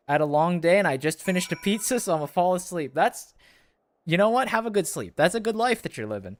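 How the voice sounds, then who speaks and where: A man's voice: high voice, lively intonation, fast, no room sound. Chatty man streaming a game. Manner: chatty, rambling, talks to chat. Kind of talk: casual live gameplay chat.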